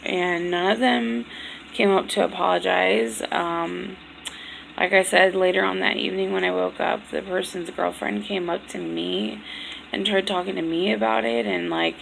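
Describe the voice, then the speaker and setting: A young woman with a very gravelly, fry-heavy voice, telling her story straight to camera. She talks bluntly and swears freely as she vents, and a faint hiss sits under the recording. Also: fairly low pitch, fairly even intonation, moderate pace, fairly bright tone, rough recording. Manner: blunt, profane, emotional venting. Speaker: vlogger. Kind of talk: candid personal storytime vlog.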